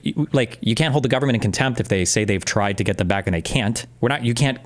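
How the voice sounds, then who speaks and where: A man streaming, giving blunt, profane commentary while he reacts to a video. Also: mid-range voice. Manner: blunt, profane, rapid interjections. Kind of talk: casual live-stream commentary.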